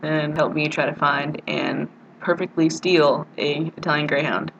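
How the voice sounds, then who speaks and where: A woman's voice: low voice, steady tone, a little slow, gravelly, lo-fi sound, noisy background. A young woman from the United States, chatting casually in a rambling, giggly video diary to a friend. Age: young adult. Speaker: vlogger.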